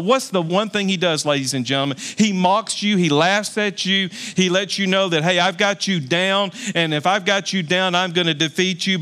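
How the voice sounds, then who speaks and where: A middle-aged man preaching from the pulpit in a high, bright voice. He leads the congregation in call-and-response and swings his pitch upward on each exclamation. His tone stays forceful and sharp throughout. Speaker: pastor. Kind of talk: sermon.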